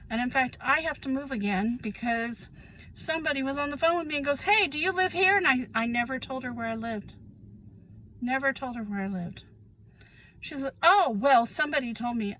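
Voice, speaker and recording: A woman's voice: fairly high pitch, fairly bright tone, a little hiss or hum, rough recording. A woman, speaking in a casual, emphatic monologue about her own life and repeating phrases for weight. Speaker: vlogger sharing personal experience.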